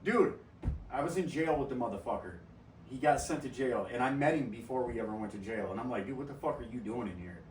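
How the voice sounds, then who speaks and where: A man hosting a casual podcast, cursing freely and laughing through his stories. His voice sits at an ordinary middle pitch. He is a little distant from the mic in an echoey room, with a faint hum of ambience behind him. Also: animated, fast talker, darkish tone. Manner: profane, laughing storyteller. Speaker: podcast host. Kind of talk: casual storytelling chat.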